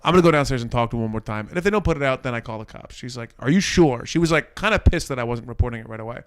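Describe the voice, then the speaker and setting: A man co-hosting a casual podcast, telling a neighbor story with lively play-acting of each person. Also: medium pitch, racing, smooth, no echo. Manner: animated storyteller, acts out neighbors with a put-on accent. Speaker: podcast co-host. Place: city apartment.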